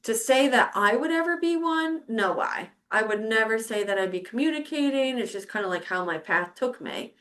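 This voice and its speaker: Middle-aged woman host, a touch high-pitched, casual storyteller, blunt and expressive, acts out her own reactions. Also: normal speed, few pauses. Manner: candid, swears freely, acts out her own past reactions. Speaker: podcast host.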